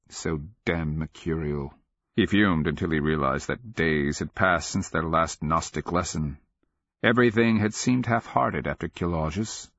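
A man giving steady, measured scripted narration of a fantasy audiobook, on a dull lo-fi recording. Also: deep voice, no room sound.

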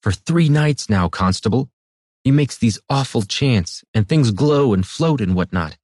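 A man's voice: medium pitch, lively intonation, a little slow, darkish tone, dry recording, clean studio sound, voice pushed up. A man voicing a timid, nervous male cobbler in a fantasy audiobook, pleading and anxious.

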